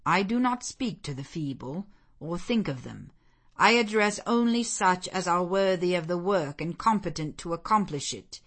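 A woman's voice: lively intonation, moderate pace, a bit bright. A woman voicing a stern zealous clergyman. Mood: exhorting. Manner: deep, relentless, commanding. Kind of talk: audiobook character voice.

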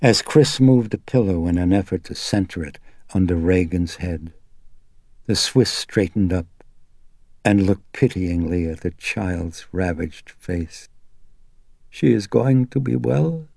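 Male audiobook narrator, steady dramatic read, low husky voice. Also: measured pace, no echo, clean studio sound. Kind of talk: scripted narration.

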